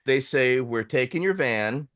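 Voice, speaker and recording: Animated man telling a story. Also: mid-range voice, a little slow. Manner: animated, swearing, acts out quoted voices. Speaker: host. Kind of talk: casual storytelling.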